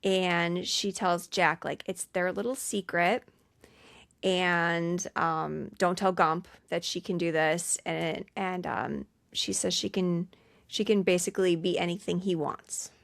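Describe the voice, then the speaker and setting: A woman's voice: on the low side, fairly even intonation, slow pace, creaky. Chatty woman recapping a movie. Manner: chatty, recapping with filler likes and ums. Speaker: podcast co-host. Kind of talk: casual movie recap chat.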